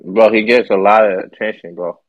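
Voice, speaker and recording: A man's voice: fairly low pitch, steady tone, a little fast. A man joining a casual podcast chat, hesitant and repeating his words. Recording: dull lo-fi sound.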